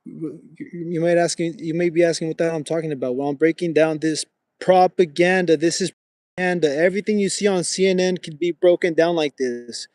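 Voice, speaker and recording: A man's voice: a little high, a little fast, a little mellow, no room sound, clean studio sound. A young man hosting a casual livestream while he walks, chatting with viewers and calling them bro. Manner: talks to chat viewers, says bro often; walking with a gimbal. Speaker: livestream host.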